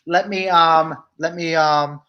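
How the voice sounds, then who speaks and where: A man's voice: a little high, steady tone, takes it slowly, muffled recording. A man giving casual, sassy gossip commentary to his viewers, chatty and talking straight to the live chat. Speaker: vlogger.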